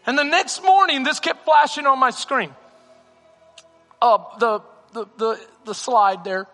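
A man's voice: very high-pitched, very animated, a little slow, bright, forceful tone. A male pastor preaching a sermon with a passionate, repetitive cadence in a church hall. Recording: reverberant hall with music.

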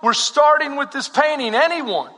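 A man's voice: extremely high pitch, moderate pace, pushed and bright, big-room sound. A man voicing a firm, businesslike male auctioneer who keeps insisting on his order of sale. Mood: insistent.

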